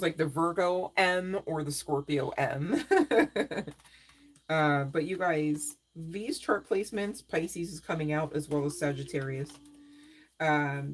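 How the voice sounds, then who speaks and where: A woman doing a live-stream tarot reading, talking straight to viewers in a chatty way, often asking "right?" and laughing. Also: low-pitched. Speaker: tarot reader.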